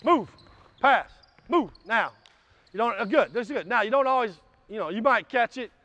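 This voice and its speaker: High-voiced coach barking drills. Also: male voice, expressive, fairly quick, dry recording. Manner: barks short commands, shouts during drills; blunt, profane, folksy explanations. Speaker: basketball coach. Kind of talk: coaching clinic with live drills. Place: gym. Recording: dull, slightly lo-fi sound.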